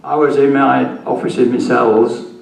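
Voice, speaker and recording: A man's voice: mid-range voice, little pitch movement, unhurried, gravelly. An older man, a retired police officer telling his story at a conference, blunt and swearing freely. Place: conference hall. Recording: echoey room, mic far off.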